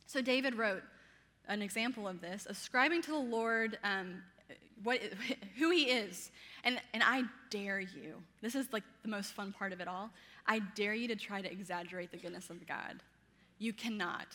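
A woman in her thirties with a Southern American accent, preaching a sermon energetically and playfully, laughing often and speaking fast. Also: medium pitch, sharp tone, long reverb tail. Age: 30s.

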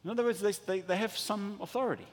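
A man preaching a sermon as pastor, animated and acting out little dialogues, often stumbling and restarting his words. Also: sits high, fast. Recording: long hall reverb.

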